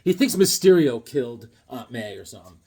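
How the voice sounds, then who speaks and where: A middle-aged man chatting casually as he shows off his comic books, telling stories in a lively way and laughing often. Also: mid-range voice, brisk, breathy edge. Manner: animated storyteller, laughs often, acts out voices. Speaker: comic book collector vlogger. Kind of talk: casual chat showing comics.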